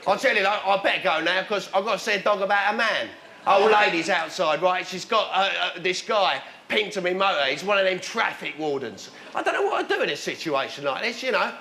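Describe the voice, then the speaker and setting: A comedian playing a brash, boastful young London working man with a London accent, shouting his brags at a laughing studio audience. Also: high-pitched, lively intonation, brisk, a little hiss or hum, heavily acted. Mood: bragging. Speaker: comedian doing a character monologue. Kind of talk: stand-up character comedy. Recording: echoey studio with a roaring crowd.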